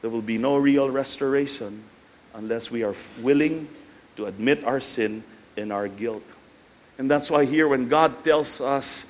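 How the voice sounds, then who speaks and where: A man with a Filipino accent preaching a sermon, swinging between loud emphasis and hushed lines and slipping Tagalog phrases into his English. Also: mid-range voice, normal speed. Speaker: pastor.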